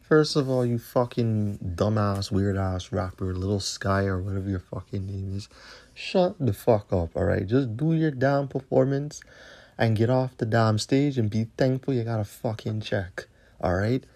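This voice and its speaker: Podcast host, male, deep and dark, confrontational and profane. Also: fairly even intonation, normal speed. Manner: profane, confrontational ranting with repeated tag questions. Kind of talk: solo podcast rant.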